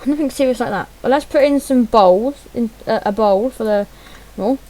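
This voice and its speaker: A woman's voice: on the high side, a little fast, mellow, low-quality recording. A woman giving chatty, self-deprecating gameplay commentary, muttering to herself as she fumbles through menus. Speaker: gaming channel host.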